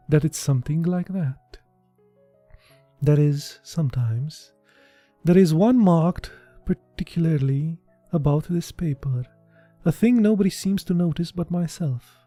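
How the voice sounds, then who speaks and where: Dark-voiced Romanian man reading slowly. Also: fairly high pitch, no echo. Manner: slow, deliberate reading that breaks off into laughing chat. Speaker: reader of a short story. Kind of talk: unpolished reading aloud with chatty asides.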